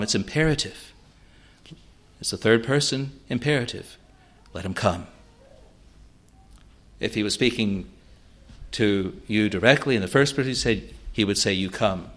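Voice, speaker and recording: A man preaching a sermon, earnest, swelling loud on key words and then dropping to a soft, quiet close. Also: fairly low pitch, normal speed, pauses often.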